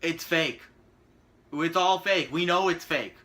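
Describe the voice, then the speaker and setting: A man's voice: on the high side, slow, bright, forceful tone. A man giving a profane, sarcastic ranting video commentary as a vlogger.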